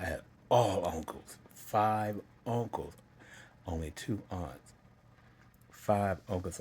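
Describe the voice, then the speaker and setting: A middle-aged man earnestly telling his own story in a vlog, halting and repeating himself as he pauses to collect himself. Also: deep voice, a little mellow, slight background noise. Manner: earnest and emotional. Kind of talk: personal confessional storytelling.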